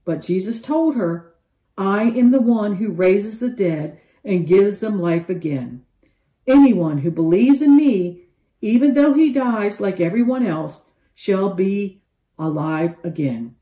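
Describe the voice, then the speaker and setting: A woman teaching a children's Bible lesson, telling the story with animated, expressive voices for each character. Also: fairly low pitch, slow, reverberant, rough recording.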